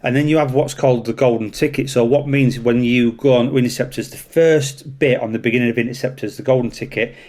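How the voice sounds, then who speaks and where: Man, Yorkshire accent, police officer, casual storytelling, animated, swears a lot. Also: mid-range voice, a little fast, few pauses. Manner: animated, swears freely, acts out voices in anecdotes. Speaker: traffic police officer, guest.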